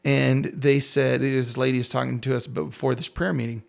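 A man with a gravelly, creaky voice at a middle pitch recounts his own story in a casual interview. He talks as a pastor, halting and restarting often, and chuckles at himself along the way. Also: little pitch movement. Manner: halting, many restarts, self-deprecating chuckles.

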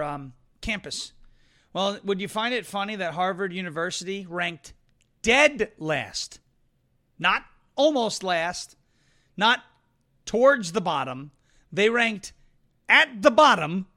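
Brash bright-voiced male commentary host. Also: high-pitched. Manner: brash, mocking, jumps between topics. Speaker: show host. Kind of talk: live political commentary stream.

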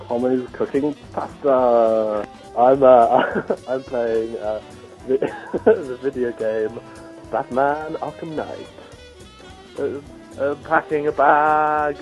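Young man, slow, hesitant, filler-laden, faint music in background. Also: medium pitch, darkish tone, low-quality recording. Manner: hesitant, filler-heavy, laughing. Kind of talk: short phone answers, casual.

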